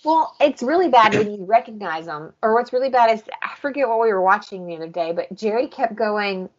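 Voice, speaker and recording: A woman co-hosting a book podcast in casual chat, lively and quick to act out what others said. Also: mid-range voice. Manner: animated, acts out quotes of others. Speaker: podcast co-host. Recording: dull lo-fi podcast audio.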